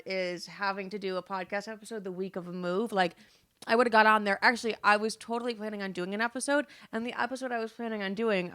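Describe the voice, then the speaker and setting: A woman's voice: mid-range voice, a bit bright. A young woman in her twenties chats through a solo podcast episode in her apartment. She is breezy and dramatic, swears freely and sounds a little tired. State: tired and low on energy. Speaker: podcast host. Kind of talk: casual solo podcast chat. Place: her apartment, construction noise outside.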